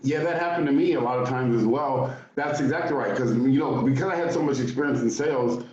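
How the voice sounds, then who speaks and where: A man hosting an interview, telling stories in an animated, casual way and acting out the quotes. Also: medium pitch, fast. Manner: animated storyteller, acts out quotes. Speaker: host. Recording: echoey room, distant muffled mic.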